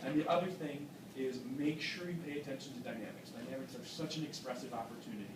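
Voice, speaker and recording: A man's voice: medium pitch, quick pace. A man giving an encouraging, explanatory critique to a singer in a masterclass, with frequent "um"s. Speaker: vocal adjudicator. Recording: echoey room from a distant mic with background noise.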